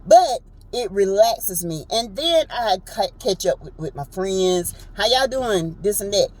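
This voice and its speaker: A woman, casually recapping a reality show in a chatty, animated way and acting out quotes in a high voice. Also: a little slow, rough recording. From Southern United States.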